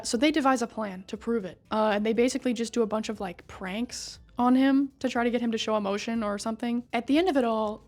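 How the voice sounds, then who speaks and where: Chatty sarcastic woman, higher voice. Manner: chatty, sarcastic, swears freely. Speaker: video creator recapping a game story. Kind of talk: casual story recap.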